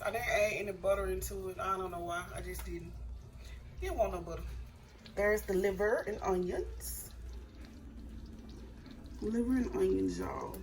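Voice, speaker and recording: A woman's voice: mid-range voice, darkish tone. A woman filming a casual cooking vlog in her home kitchen, chatting with her viewers and calling them y'all as she cooks. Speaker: home cook vlogger. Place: home kitchen with frying on the stove. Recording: noisy kitchen recording. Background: sizzling pan and running tap.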